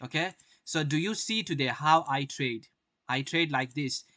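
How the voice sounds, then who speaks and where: Live-streaming market commentary, a brash young man narrates his trades to viewers, swearing often and firing rhetorical questions at them. His voice is a little high, bright, and forceful, and he speaks a little slowly. The recording is dry and close, with no room sound.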